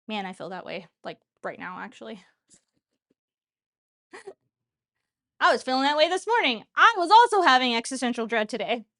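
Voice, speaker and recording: A young woman with a high, bright-pitched voice chats her way through cooking in her home kitchen. She rambles, jokes about herself and keeps up casual banter with her viewers as she works. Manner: chatty, self-mocking, talks while cooking. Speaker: cooking show host.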